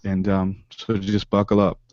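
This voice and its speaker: A man with a lowish voice tells a long personal story, earnest and halting, often restarting his sentences and leaning on fillers. The sound is dry and close, with a dull lo-fi call quality. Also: monotone, a little mellow, no echo. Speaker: podcast guest, rapper. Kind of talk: storytelling in casual interview.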